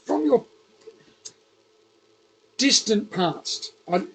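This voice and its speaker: A man's voice: sits high, sing-song, very slow, gravelly, a bit bright, slight background noise, rough recording. A man with a Liverpool accent hosting a casual interview, rambling and chatty with lots of fillers and restarts. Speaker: podcast host.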